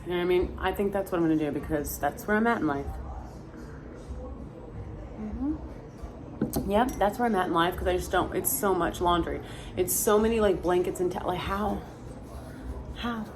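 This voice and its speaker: Woman, 30s, casual car vlogger. Rambling, self-mocking, low voice, loud road noise behind. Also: a little fast. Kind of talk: casual chat. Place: inside a car in her neighborhood. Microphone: camera mounted in the car. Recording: noisy car interior.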